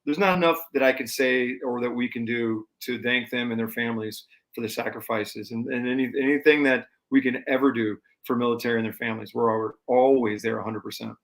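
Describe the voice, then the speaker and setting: A man in a casual podcast interview, telling stories with real energy. His voice sits at an everyday middle pitch. He keeps rolling from one scene to the next and briefly acts out the people in them. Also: brisk, hardly any pauses, low-quality recording. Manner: animated storyteller who acts out quoted people. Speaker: musician guest.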